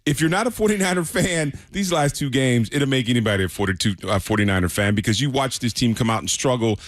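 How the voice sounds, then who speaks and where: A man's voice: mid-range voice, quick pace, no room sound, clean studio sound. A man co-hosting a sports talk radio show, speaking in an easygoing way with many restarts. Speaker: radio co-host.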